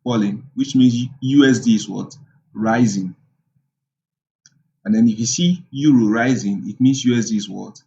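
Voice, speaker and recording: A man's voice: mid-range voice, measured pace, creaky, mellow, muffled recording. A young man, possibly, giving a casual trading tutorial, full of ums and quiz-style questions he answers himself. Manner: asks rhetorical questions and answers them, many ums. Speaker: forex trading teacher. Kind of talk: casual screen-share tutorial.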